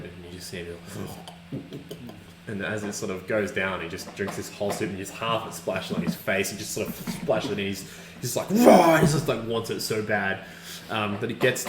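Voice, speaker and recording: Low-voiced rambling game master. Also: male voice. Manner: rambling, with many restarts and fillers. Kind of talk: narrating a tabletop game. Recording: echoey room with background hiss.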